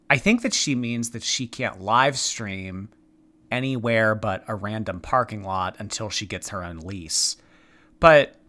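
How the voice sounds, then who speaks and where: A man in a sarcastic reaction commentary who takes his time over each line. His bright, forward voice swings widely up and down as he teases, and his delivery stays dry and mocking. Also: mid-range voice. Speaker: commentary host.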